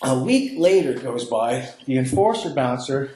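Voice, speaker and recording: A man guest on a podcast, telling a story in a profane, animated way. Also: mid-range voice, unhurried. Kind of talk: casual storytelling. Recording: roomy with faint noise.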